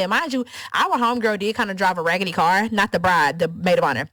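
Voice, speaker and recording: A young woman co-hosting a casual podcast, telling a story and acting out what others said in higher voices. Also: fast, no echo. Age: young adult. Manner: animated storyteller, acts out quotes in high voices. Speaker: podcast co-host.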